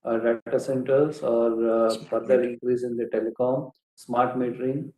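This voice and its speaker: A company executive on an earnings call, answering analysts' questions in a measured way, with many filler pauses and self-corrections. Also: male voice, mid-range voice, little pitch movement, dark tone, roomy sound, poor audio.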